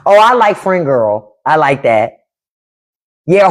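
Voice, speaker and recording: Lively-voiced woman livestream host. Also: deep voice, measured pace, long pauses. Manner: animated, laughs often, mimics family accents. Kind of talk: casual chat with viewers.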